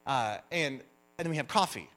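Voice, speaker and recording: Man, pastor's sermon, animated storytelling, bright ringing voice. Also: medium pitch, normal speed. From United States. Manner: animated storyteller, lively emphasis.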